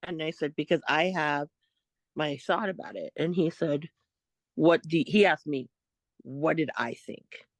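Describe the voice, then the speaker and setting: A woman co-hosting a podcast, telling a story in a casual, animated way, quoting what others said. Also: deep voice, unhurried, no echo. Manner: animated retelling, quotes others, laughs often. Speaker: podcast co-host.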